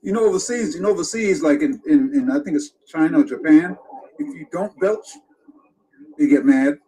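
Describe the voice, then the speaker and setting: A man chatting on a podcast, halting and repeating his words as he talks. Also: fairly high pitch, mellow, a little hiss or hum, low-quality recording. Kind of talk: casual chat.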